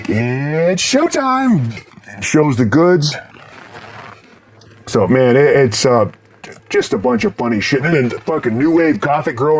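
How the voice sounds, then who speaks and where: A middle-aged man reviewing horror movies in a casual, rambling way, swearing constantly and breaking into loud laughs. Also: mid-range voice, slight background noise. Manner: profane, rambling, bursts into loud laughs and shouts.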